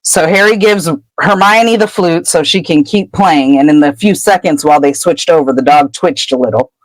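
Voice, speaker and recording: A woman podcast co-host casually retelling a book chapter, an animated storyteller who laughs often. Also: deep voice, normal speed, dry recording, rough recording.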